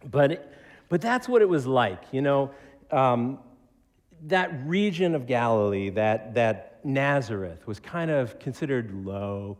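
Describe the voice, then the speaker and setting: A man from Connecticut, a pastor preaching a conversational, joking sermon who acts out quotes. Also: mid-range voice. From Connecticut, United States. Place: church. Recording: reverberant church sanctuary.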